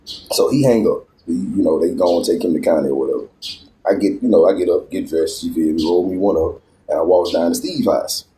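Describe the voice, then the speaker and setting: A man telling a story in a casual, slangy, animated way, out in a garden. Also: low voice, fairly quick, poor audio. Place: outdoors in a garden.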